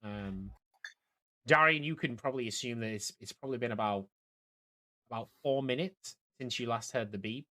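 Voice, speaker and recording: A man running a tabletop game as dungeon master, narrating in a halting way with many fillers and restarts. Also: medium pitch, bright, forceful tone.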